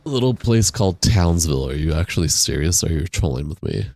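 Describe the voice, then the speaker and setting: A man's voice: rumbling low, animated, fairly quick. A young man with the hiccups, chatting casually and slangily with his viewers while he plays a game. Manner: slangy, reads viewer chat aloud and answers it. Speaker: game streamer. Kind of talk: casual live-stream chat while gaming. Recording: game sounds and explosions behind voice. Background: loud game noise, artillery fire.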